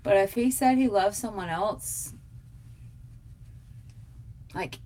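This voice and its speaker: Answering tag questions as a livestream host, this young adult woman talks casually and emphatically to her viewers. She has a medium-pitched, mellow voice and speaks slowly.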